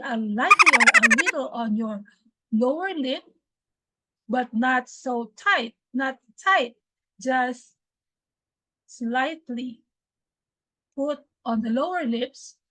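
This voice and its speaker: A woman from the Philippines with a Filipino accent, teaching English pronunciation slowly and deliberately, repeating words for drills. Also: sits high, pushed and bright, a little hiss or hum, rough recording. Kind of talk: pronunciation lesson.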